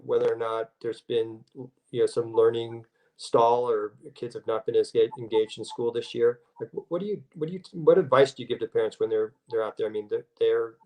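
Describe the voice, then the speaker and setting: A man's voice: medium pitch, fairly even intonation, a little fast, gravelly, darkish tone, low-quality recording. Hesitant male interviewer. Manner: hesitant, lots of fillers and restarts. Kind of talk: casual interview questions.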